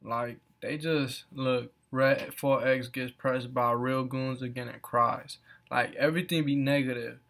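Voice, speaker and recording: A man's voice: medium pitch, fairly even intonation, measured pace, a bit bright. A man hosting a reaction video, mocking what he watches with heavy swearing and frequent laughter. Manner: profane, mocking, laughing often. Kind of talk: casual reaction commentary. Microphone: off camera voice-over.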